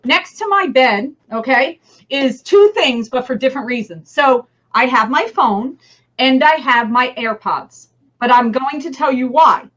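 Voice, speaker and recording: A woman with a New Jersey accent, a guest in a casual interview over a video call, enthusiastic and quick to laugh. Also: high-pitched, animated, a bit bright, dull audio.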